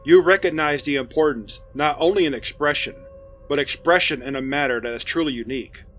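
A man voicing a sly male spirit that speaks from a coffin, in a soft, hushed and mocking way, with faint music behind. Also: on the high side, expressive, normal speed, close to an everyday voice. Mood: softly taunting.

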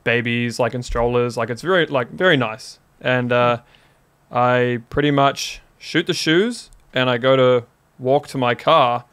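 A man in his twenties with a New Zealand accent, a podcast guest telling a story in a casual, animated way and filling his talk with "like". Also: mid-range voice, unhurried, smooth. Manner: animated, heavy use of "like" as a filler.

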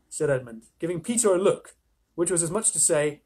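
A man reading a children's story aloud on a live stream, chatty, with playful asides, his voice slightly husky. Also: on the high side, expressive, brisk, a little mellow.

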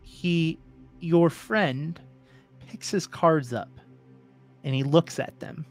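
A man's voice: on the high side, slow, faint music behind. A man narrating a tabletop game as game master, in a casual way with restarts.

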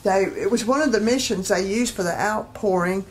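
A woman evangelist telling healing testimonies in a television studio interview, lively and acting out quoted dialogue as she goes. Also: mid-range voice, moderate pace, a little hiss or hum. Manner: lively storyteller who acts out quoted dialogue.

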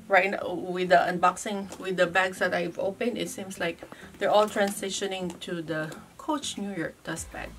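Unboxing a handbag, a Filipino-accented woman from the Philippines talks casually, thinking out loud and starting over now and then. She speaks at medium pitch with a fairly bright tone, recorded on a distant mic.

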